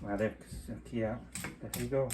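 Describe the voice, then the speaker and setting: A middle-aged man demonstrating a recipe in his home kitchen, talking in a loose, chatty way with rambling asides and the odd mild curse. His voice sits at an ordinary pitch for a man. Knife chopping and clicks come through clearly behind him. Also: steady tone, unhurried, mellow, slight background noise. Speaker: home cooking host. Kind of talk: casual cooking demonstration.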